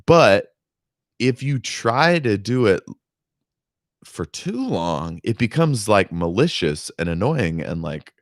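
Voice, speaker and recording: A low-voiced man talks slowly and loosely, swerving between mumbles and sudden lively swings in pitch. His commentary rambles with restarts and casual swearing. The sound is dry and close. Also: dry recording. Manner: rambling, profane, full of fillers and restarts. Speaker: reader and commentator.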